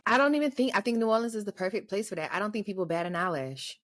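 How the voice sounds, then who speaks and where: A woman's voice: mid-range voice, very fast, fairly bright tone. A woman co-hosting a casual chat podcast, blunt and emphatic and swearing for emphasis. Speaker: podcast co-host.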